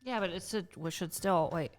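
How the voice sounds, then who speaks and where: A woman's voice: on the low side, moderate pace, soft background music. A woman co-hosting a podcast, dropping short, dry, sarcastic remarks in casual chat. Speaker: podcast co-host.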